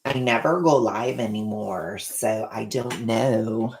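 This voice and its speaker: A woman's voice: a bass voice, slow, darkish tone, roomy sound, a little hiss or hum, low-quality recording. A woman casually chatting on a livestream while cooking at home, rambling and self-deprecating. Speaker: livestreaming vlogger. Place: home kitchen.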